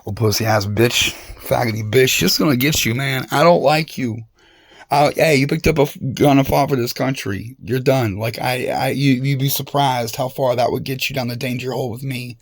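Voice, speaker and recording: Gravelly man ranting profanely. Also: medium pitch, normal speed, no echo, clean studio sound. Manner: profane, confrontational, rambling. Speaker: vlogger. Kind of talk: rambling monologue rant.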